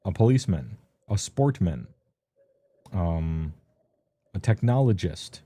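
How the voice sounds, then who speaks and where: A man's voice: low voice, expressive, slow, warm tone. A man streaming a casual, rambling rundown of tabletop game books, offhand and full of ums. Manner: loose and offhand, many ums, laughs at himself.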